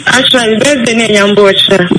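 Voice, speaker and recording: Ghanaian woman caller on the radio, high voice, quiet short replies, noisy line. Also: fairly quick.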